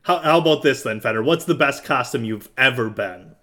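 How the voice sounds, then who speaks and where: A young man co-hosting a casual podcast chat, easygoing and quick to laugh. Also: mid-range voice, bright, forceful tone. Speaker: podcast co-host.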